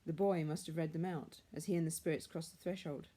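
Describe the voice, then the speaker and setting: Woman storyteller, measured and hushed, lower mellow voice. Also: steady tone. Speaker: reader. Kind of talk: storybook reading.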